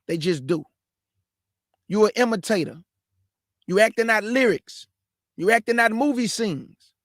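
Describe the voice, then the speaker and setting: Fervent high-voiced man preaching. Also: lively intonation, a little slow, fairly bright tone, no echo, clean studio sound. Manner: fervent and repetitive, calls listeners man and family. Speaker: host and preacher. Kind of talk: live exhortation to young people.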